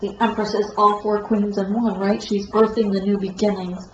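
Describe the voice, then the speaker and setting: Woman tarot reader, congested, meandering and flat, echoey lo-fi room. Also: medium pitch. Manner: meandering, halting, self-correcting. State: stuffed-up nose. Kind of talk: tarot reading monologue. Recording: echoey room, dull lo-fi sound, faint noise.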